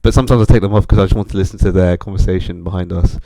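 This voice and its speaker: A man's voice: sits low, very fast, no echo. A young man co-hosting a podcast, telling travel stories in casual chat and acting out the voices of people he quotes. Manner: animated storytelling, acts out quoted voices. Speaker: podcast co-host.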